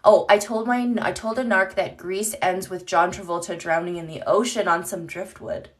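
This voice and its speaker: A woman's voice: on the low side, steady tone, normal speed. A woman chatting candidly on a live stream into her phone, rambling and swearing casually as she reads comments.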